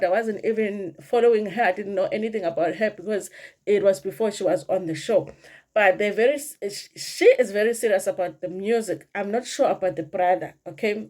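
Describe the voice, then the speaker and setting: A woman's voice: mid-range voice, darkish tone. A middle-aged woman with a South African accent, chatting casually to viewers as she recaps a reality show episode and slips into Zulu phrases. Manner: chatty, addresses viewers as "you guys", mixes in Zulu phrases. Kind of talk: casual commentary vlog.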